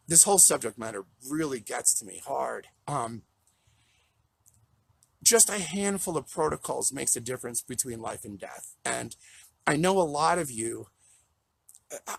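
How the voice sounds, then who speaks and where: A man's voice: a little high, animated, moderate pace, gravelly, slightly rough. A man, a plant-based chef, talking earnestly and rambling to followers on a live video, choked up and close to tears. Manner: earnest, rambling, repeats himself when moved. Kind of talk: emotional live-stream talk to followers. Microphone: live video call.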